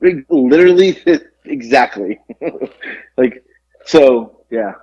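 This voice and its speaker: A man's voice: medium pitch, animated, slow, darkish tone, breathy edge. A middle-aged man co-hosting a podcast in casual chat, rambling with lots of fillers and restarts. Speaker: podcast co-host. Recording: muffled lo-fi recording.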